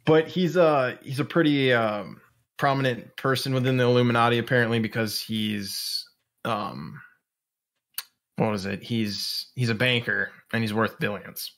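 A man's voice: medium pitch, unhurried, a bit bright. A man co-hosting a podcast, chatting casually, giggling and stumbling over names. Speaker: podcast co-host. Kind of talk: casual chat.

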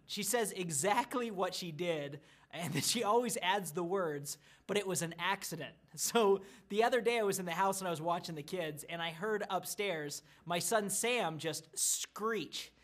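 A pastor in his thirties speaks to church small groups in a recorded video message. He tells stories about his kids with a lively storyteller's manner before turning to scripture. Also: high-pitched. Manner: warm storytelling, animated about his family.

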